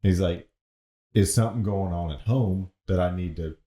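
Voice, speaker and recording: A young man with a low, mellow voice tells a story at an easy, unhurried pace. His voice sits deep and relaxed. The sound carries a noticeable room echo. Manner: laid-back storytelling, quoting others in an even voice. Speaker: podcast co-host. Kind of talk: casual chat. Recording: echoey room.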